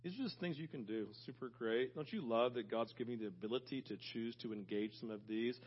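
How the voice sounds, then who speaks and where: A man's voice: mid-range voice, quick pace, slightly rough, lo-fi sound. A man preaching a sermon as pastor, telling stories animatedly and talking straight to the congregation. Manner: animated storytelling, talks directly to congregation.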